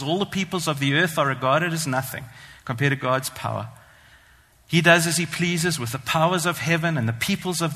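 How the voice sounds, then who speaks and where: A man preaching a sermon, earnest and emphatic, slowing down to stress the scripture he reads. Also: on the high side, bright, forceful tone. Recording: long hall reverb.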